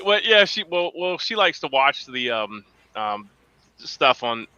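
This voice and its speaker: A man's voice: medium pitch, big pitch swings, a little slow, bright, forceful tone, clear, resonant tone, no room sound, highs cut off. A man chatting casually as a podcast host, telling profane stories and laughing often. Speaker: podcast host, Marine veteran. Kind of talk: casual chat.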